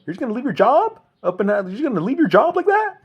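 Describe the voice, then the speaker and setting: Shrill squeaky nag voice, super high and loud, keeps asking the same thing in a mocking rant. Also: male voice, big pitch swings, fast, slightly rough, lo-fi sound, exaggerated voice. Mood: incredulous. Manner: squealing, incredulous, repeats itself. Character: shrill nagging job-obsessed busybody. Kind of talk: mocking impression in a comic rant.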